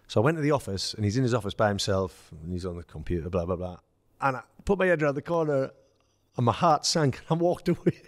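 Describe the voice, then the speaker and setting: An English man, a former footballer, telling lively anecdotes in casual chat and acting out the quoted dialogue. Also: medium pitch, fast, dry recording, studio quality. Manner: storytelling, acts out quoted dialogue, laughs. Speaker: former footballer, podcast guest.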